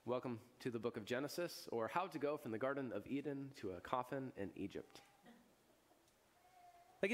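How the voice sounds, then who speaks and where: A man as a pastor giving a sermon, retelling a scripture story with casual asides and chuckles, his voice jumping to loud, high bursts and then dropping to hushed, solemn lows. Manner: chuckles and asides in everyday speech.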